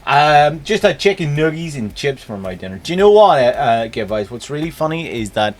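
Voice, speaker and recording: A man's voice: a little high, very animated, fairly quick. A man with a Northern Irish accent hosting a live stream, chatting casually and greeting viewers by name. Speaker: streamer host.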